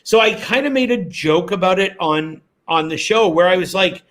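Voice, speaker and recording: A Canadian former radio host, appearing as a guest in a casual interview, tells stories animatedly and acts out quotes as he goes. His voice is high-pitched and his pace moderate.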